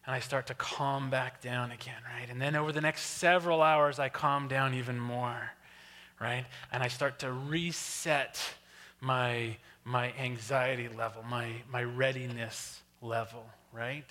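A man giving an animated storytelling workshop talk, often checking in with the audience. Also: medium pitch, unhurried. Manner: animated, keeps asking "right?". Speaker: workshop presenter. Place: church hall. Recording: long hall reverb.

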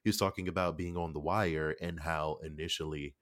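A man's voice: very deep voice, fairly even intonation, a little fast, a bit bright, dry recording, clean studio sound. A man chatting casually on a podcast about acting, loose and profane in his speech. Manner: loose and profane, slips into quoted voices. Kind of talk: casual chat.

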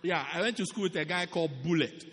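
A man from South Africa preaching a sermon in an animated, repetitive way, often laughing at his own jokes. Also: high-pitched, quick pace. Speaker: pastor. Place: large church hall. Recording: long echoing church hall reverb.

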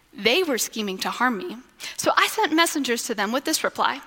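Bright high-voiced woman giving a devotional. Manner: expressive, slows to a deliberate refrain. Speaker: devotional speaker. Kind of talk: devotional Bible talk. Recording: long echoing reverb.

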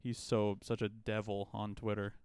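A man's voice: on the low side, completely flat delivery, moderate pace, a little mellow, clean tone, dry recording, clean studio sound. A man from southern Ontario co-hosting a casual sports podcast, laughing often and swearing freely. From southern Ontario, Canada. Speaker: podcast co-host. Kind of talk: casual chat.

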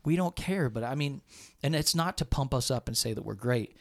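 A man's voice: mid-range voice, lively intonation, brisk. A man on church staff telling a personal story in an earnest, rambling way during a casual discussion.

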